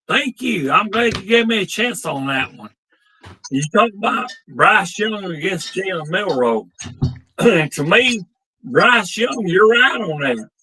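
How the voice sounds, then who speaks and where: A man's voice: sits high, very animated, a little slow, bright, forceful tone, slightly rough, low-quality recording. A man co-hosting a casual sports talk show while drinking, profane and rambling.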